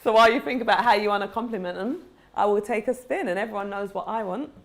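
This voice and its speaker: A woman hosting a live watch-along chat, excitable and laughing a lot. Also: medium pitch, fast. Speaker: host.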